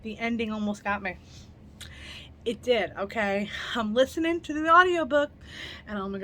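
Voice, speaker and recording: A woman's voice: fairly high pitch, normal speed, long pauses, sharp tone, slight background noise. A young woman hosting her own book review vlog at home at night, chatty and enthusiastic but tired and yawning, laughing often as she talks. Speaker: book reviewer, channel host.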